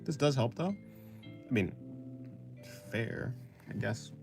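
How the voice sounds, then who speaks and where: A young man streaming his drawing, chatting casually with his viewers in a rambling, hesitant way full of fillers and soft laughs. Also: mid-range voice, lively intonation, slow, creaky, over music. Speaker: art streamer. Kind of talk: casual chat answering a live chat.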